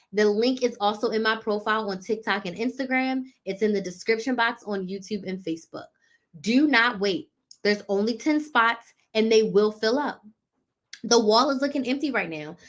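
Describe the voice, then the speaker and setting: A fairly high-voiced woman talks straight to her viewers on a live stream. She coaches and sells with emphatic, punchy rhetorical questions, driving her points home by repeating them. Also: a bit bright. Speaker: business coach.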